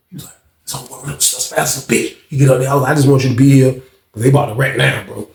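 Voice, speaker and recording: A man spins a street story in an animated, profane style, acting out each person's lines as he goes. His voice sits a little high with a rough, gravelly edge. The sound carries a noticeable room echo. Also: rapid-fire. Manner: animated, profane, acts out quoted speech. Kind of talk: casual storytelling.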